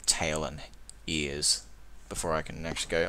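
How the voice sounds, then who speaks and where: A man's voice: rumbling low, flat delivery, moderate pace, bright, forceful tone, clean tone. A man playing a tabletop role-playing game, talking hesitantly with many fillers and casual swearing. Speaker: tabletop player.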